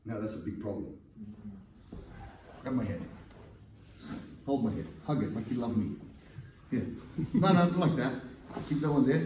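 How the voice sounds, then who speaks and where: A man's voice: medium pitch, mellow. A man teaching a jiu-jitsu seminar, directing a partner on the mat with coaxing, direct commands while he demonstrates. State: strained, pressed under a partner's weight at times. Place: large indoor training gym. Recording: echoey gym, mic far off, some noise.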